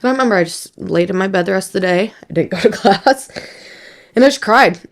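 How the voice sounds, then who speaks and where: A young woman in her twenties talking candidly with her mother, emotional and reflective, halting with many fillers and close to tears. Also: mid-range voice, gravelly. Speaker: daughter, guest. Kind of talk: candid podcast conversation.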